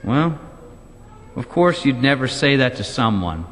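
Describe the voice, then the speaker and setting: A man's voice: mid-range voice, sing-song, unhurried, fairly bright tone. A male pastor delivering a sermon in a church, pressing his point with emphatic rhetorical questions. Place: church sanctuary. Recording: long church reverb.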